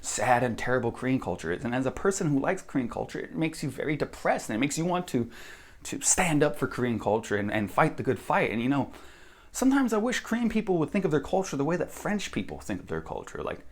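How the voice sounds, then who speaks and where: A man's voice: mid-range voice, very animated, fast talker. An American man giving a blunt, profane opinion monologue as a vlogger. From United States.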